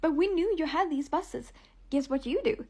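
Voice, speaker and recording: A woman's voice: high-pitched, animated, moderate pace, a little mellow. A European woman ranting to camera, exasperated and sarcastic. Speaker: vlogger. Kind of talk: casual rant to camera.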